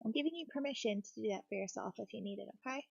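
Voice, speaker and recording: Soft-spoken woman with a gravelly edge. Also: fairly high pitch, expressive, rapid-fire, no echo, muffled recording. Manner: soft-spoken, reassuring, gentle. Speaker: craft streamer. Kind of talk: cozy casual chat while building.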